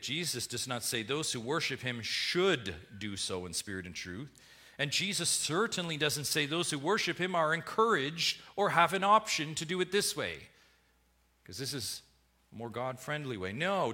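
A man preaching a sermon as pastor, emphatic, swinging between hushed lines and loud ones. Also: mid-range voice.

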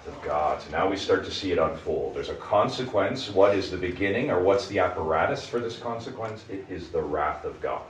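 With a deep voice, a man speaks fairly quickly and barely pauses as he leads a small group through Bible study, teaching emphatically and asking them question after question. The room is echoey and the mic sits at a distance.

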